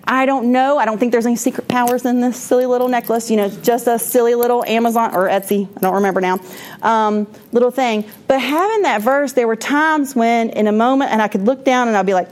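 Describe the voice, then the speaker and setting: Candid woman with a higher voice. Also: brisk. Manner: candid and rambling, with frequent restarts and laughter. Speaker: speaker at a church moms' class. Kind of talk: personal testimony talk.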